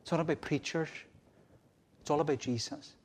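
A man preaching a sermon from a church pulpit, with repeated refrains, rising to loud cries and dropping to hushed lines. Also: a little high, fairly even intonation, normal speed. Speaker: minister.

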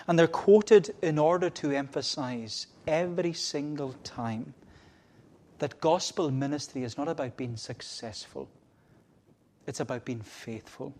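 A male minister preaches from the pulpit with a medium-pitched voice. His sermon circles back to repeated refrains and swings between loud cries and quiet, hushed passages.

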